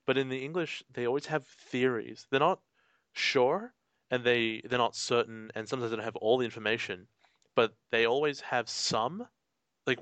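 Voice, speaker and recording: A male co-host in easy, rambling conversation, mid-pitched and chatty. He laughs often and slips into quick impressions of the lines he quotes. The sound is dry and close. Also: a bit bright, dry recording. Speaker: podcast co-host. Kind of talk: casual chat.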